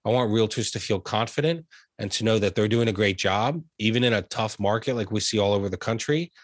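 Recorded cleanly in a studio without any room sound, this young realtor from the USA speaks briskly in a voice on the low side. As an interview guest, he gets emotional about family during a sincere, heartfelt conversation.

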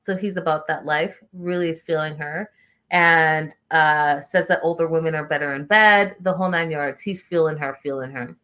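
A woman's voice: low-pitched, steady tone, moderate pace, a bit bright. A woman casually recapping a reality show, chatty and opinionated, reading viewer comments aloud.

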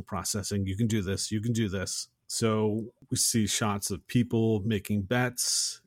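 A low-pitched man casually walks through a film scene as a podcast co-host, slipping into the characters' lines as he goes. His voice sounds dry and close, with no room echo. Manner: retells scenes and acts out quotes. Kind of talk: casual movie recap.

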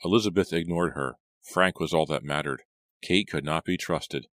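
A man narrating an audiobook in a measured, even storytelling manner. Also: extremely low pitch, no echo, clean studio sound. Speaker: audiobook reader.

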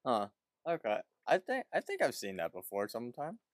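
A man's voice: mid-range voice, wildly swooping pitch, normal speed, no room sound. A man co-hosting a podcast, chatting casually about a cartoon episode with short reactions and questions. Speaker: podcast co-host. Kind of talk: casual cartoon recap chat.

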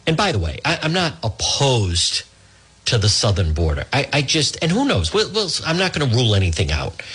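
A man hosts a talk radio show, speaking into a handheld microphone at an ordinary middle pitch. His voice is husky and a little breathy. He rambles and stalls on fillers and restarts as he builds toward a joke. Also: huge pitch swings, fairly quick, fairly bright tone. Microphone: handheld microphone, also streamed on social video.

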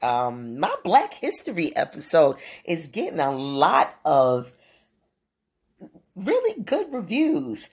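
Middle-aged female podcast host, deep gravelly voice, frank and loose. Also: darkish tone. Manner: candid, conversational, swearing freely. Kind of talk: casual solo podcast monologue.

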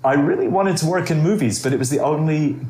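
A man's voice: on the high side, quick pace, dark tone. A man in his sixties, raised in Scotland, giving long storytelling answers as an interview guest, with wry asides. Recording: roomy echo.

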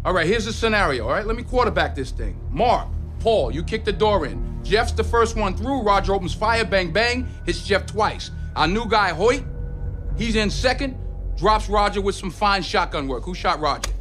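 An actor playing a smooth-talking, commanding corrupt male narcotics detective in a film scene. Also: high-pitched, expressive, normal speed, a bit bright, faint music behind. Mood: coaxing, commanding. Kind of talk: film dialogue.

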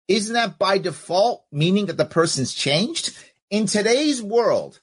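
A podcast host talks through listener comments, arguing his point with pointed rhetorical questions. His voice is a little husky and sits slightly high for a man. His pitch swings widely as he acts out both sides of an exchange. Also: fairly bright tone.

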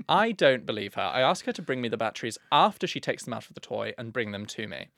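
A man's voice: medium pitch, sing-song, fairly quick, creaky, a bit bright, no room sound, studio quality. A young man co-hosting a podcast, reading listener letters in a camp, playful way. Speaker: podcast co-host.

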